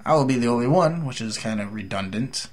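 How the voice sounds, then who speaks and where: A man's voice: medium pitch, expressive, brisk. A tired young man from the United States rambling through a casual, jokey vlog update as a gaming YouTuber.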